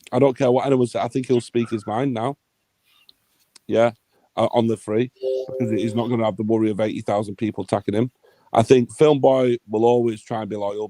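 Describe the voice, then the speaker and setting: A man's voice: medium pitch, darkish tone, no echo. A man hosting a livestream, ranting in a heated, sweary, blunt way. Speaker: livestream host.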